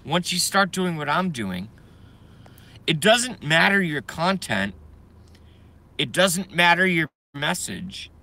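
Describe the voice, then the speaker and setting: A middle-aged man holds forth on his live stream, voice worn hoarse from ranting all day. He speaks slowly with a bright, edgy tone, his pitch leaping widely as he swears, then drops low to mutter apologies. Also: big pitch swings. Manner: angry, profane ranting with sudden outbursts and apologies. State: voice going hoarse from ranting and smoking.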